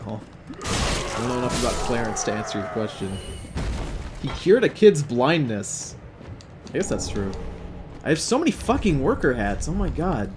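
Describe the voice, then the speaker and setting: A man's voice: medium pitch, very animated, normal speed, long pauses, music in the background. A young man hosting a gameplay video, casually telling a long rambling story with plenty of swearing. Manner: profane, rambling, chatty. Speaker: let's play host.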